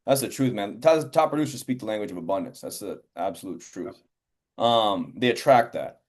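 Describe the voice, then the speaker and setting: A man's voice: lowish voice, lively intonation, moderate pace. A man hosting an interview in a casual, loose way, filling his questions with "like," "you know" and "man.". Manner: casual, filler-heavy, says "man" and "like" a lot. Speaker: podcast host. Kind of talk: interview conversation.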